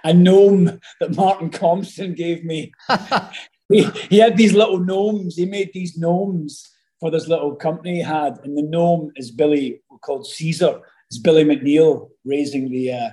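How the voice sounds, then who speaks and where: Animated Scottish man with a mellow voice. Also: on the high side, rough recording. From Scotland. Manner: animated, rambling, many fillers and restarts. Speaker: actor guest. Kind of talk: casual interview storytelling.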